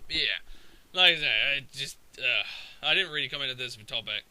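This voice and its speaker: A man's voice: mid-range voice, lively intonation, moderate pace, sharp tone, smooth, rough recording. A young man giving a sweary, exasperated commentary over his own game recording. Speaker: gaming commentator.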